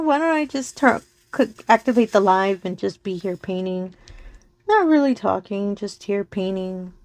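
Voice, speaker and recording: Woman, craft vlogger, casual chat, soft and slow when focused, giggly, medium pitch, dry. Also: no echo. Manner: giggles often between remarks. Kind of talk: casual chat while diamond painting.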